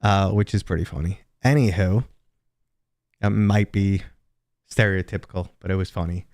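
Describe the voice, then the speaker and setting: A man from New York City hosts a live stream, chatting casually, rambling, joking and making asides to chat. His voice is low, darkish and steady at normal speed, in clean studio sound with no echo.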